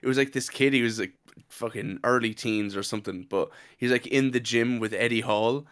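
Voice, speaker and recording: A man's voice: mid-range voice, brisk, a bit bright, smooth. A man in casual podcast chat, rambling through laughing anecdotes. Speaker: podcast co-host.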